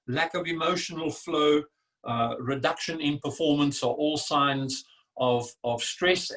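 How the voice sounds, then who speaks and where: An older man giving a motivational talk on stress, emphatic and animated, acting out what the brain says, heard a little away from the mic. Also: fairly high pitch. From South Africa. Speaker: speaker. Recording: distant from the mic.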